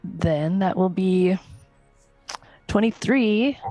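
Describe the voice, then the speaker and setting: A woman playing a tabletop game, calling out her rolls and attacks in a halting way. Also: medium pitch, warm tone, soft background music. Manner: slow, halting dice calls. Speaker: player. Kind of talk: casual tabletop game play.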